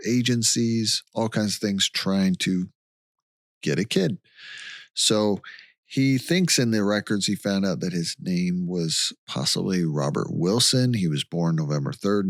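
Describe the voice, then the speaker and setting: Low-voiced man recapping a case. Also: dry recording, studio quality. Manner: relaxed storytelling from notes. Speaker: podcast co-host. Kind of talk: casual chat recapping a case.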